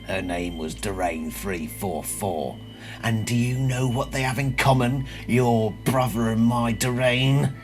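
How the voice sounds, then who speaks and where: A man voicing a bitter, vengeful male alien slug in a human host, in a Cockney accent, reading book lines in a low, hushed, seething way. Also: unhurried, soft background music, lightly acted. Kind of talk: dramatic reading of a book passage.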